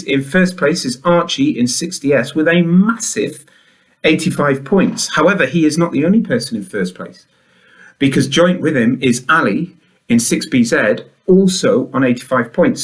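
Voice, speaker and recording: A man hosting a school announcements show, upbeat and chatty, full of enthusiasm. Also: medium pitch.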